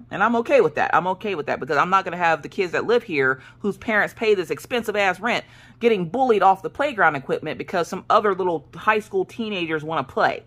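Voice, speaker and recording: Animated, sassy woman in her late thirties. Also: on the low side. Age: 30s. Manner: animated, sassy, acts out quoted voices. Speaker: crafting vlogger. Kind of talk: casual storytelling chat.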